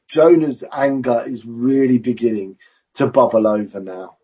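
A man preaching a sermon in a church, measured and conversational with self-aware asides. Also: medium pitch, dark tone, slightly rough. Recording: dull lo-fi recording.

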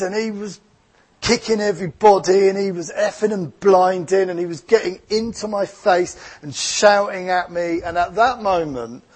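Slow, husky-voiced Essex preacher. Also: male voice, high voice. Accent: Essex English. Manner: earnest, reflective, slow preaching with personal stories. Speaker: pastor. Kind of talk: sermon.

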